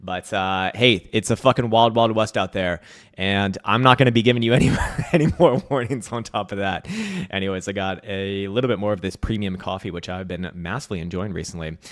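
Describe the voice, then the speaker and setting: A man from the United States hosts a casual livestream market update from home, speaking briskly in a low voice. He reads the chat, cracks profane jokes and laughs often.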